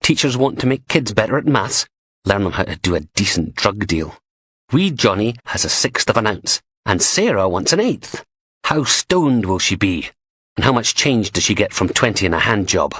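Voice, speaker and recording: A man's voice: lowish voice, expressive, moderate pace, a bit bright, breathy edge, no echo. A man narrating a crime audiobook in a gritty, profane, darkly comic manner.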